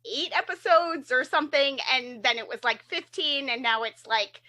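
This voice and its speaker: A woman's voice: high voice, normal speed, sharp tone. A woman co-hosting a podcast, chatting casually and rambling with lots of fillers. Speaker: podcast co-host. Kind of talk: casual chat.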